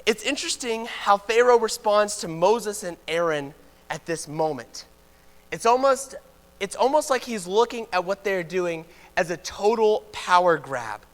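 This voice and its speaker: Male preacher, high voice, casual sermon with jokey asides, long church reverb. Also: lively intonation, unhurried, fairly bright tone. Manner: informal, joking asides. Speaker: preacher teaching a Bible class. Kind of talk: conversational sermon. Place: church auditorium.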